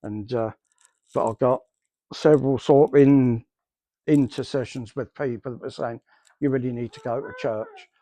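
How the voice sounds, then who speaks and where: A middle-aged man shares his church testimony in a warm, mid-range voice with a steady tone and moderate pace, recorded dry. He tells it in a rambling way and acts out the dialogue from memory.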